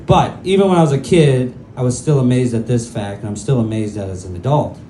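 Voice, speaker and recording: On a comedy club stage, a male stand-up tells crude, self-mocking stories in a loose, rambling set. He talks fast in a warm, medium-pitched voice, and the roomy club recording carries faint ambience plus a little hiss or hum.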